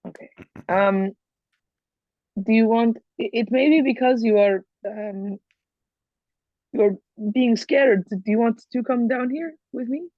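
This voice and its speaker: Gentle woman player on a dull recording. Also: fairly high pitch, measured pace, pauses often, dry recording. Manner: gentle, searching, with restarts. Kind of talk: casual tabletop play.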